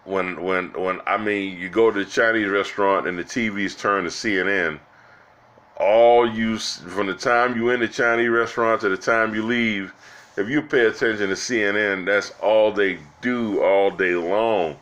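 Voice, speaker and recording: Speaking at a moderate pace in a steady, fairly bright voice on the low side, a political vlogger delivers rambling, exasperated commentary. He keeps restarting and calls his audience "guys" and "y'all."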